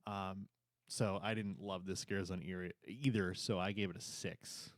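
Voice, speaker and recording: A man's voice: sits low, steady tone, normal speed, no room sound, clean studio sound. A young adult man co-hosting a casual review chat, enthusiastic and rambling, sometimes stumbling over his words. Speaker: co-host reviewing theme park events.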